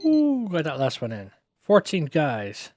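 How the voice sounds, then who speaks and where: A man's voice: a little high, huge pitch swings, measured pace, darkish tone, faint music behind. Chatty man thinking aloud while gaming. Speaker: streamer. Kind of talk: casual gameplay commentary.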